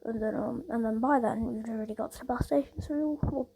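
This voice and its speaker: A woman tells a story in a loose, rambling way, leaning on "like" and "obviously". Her voice is husky and sits a little high, with a gravelly edge. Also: brisk, hardly any pauses, a little mellow, poor audio. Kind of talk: casual storytelling.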